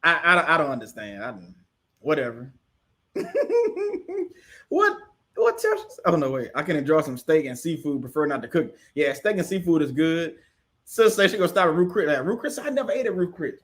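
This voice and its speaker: A man's voice: fairly high pitch, animated, fast talker, a bit bright. A man from the casually hosting a livestream, chatting with viewers and answering their comments, often laughing. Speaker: livestream host.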